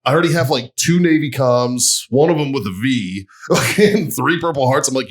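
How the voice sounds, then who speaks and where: A man's voice: medium pitch, moderate pace, hardly any pauses. A man co-hosting a casual podcast, telling profane stories and often laughing. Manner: profane storytelling with frequent laughs. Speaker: podcast co-host. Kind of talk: casual chat.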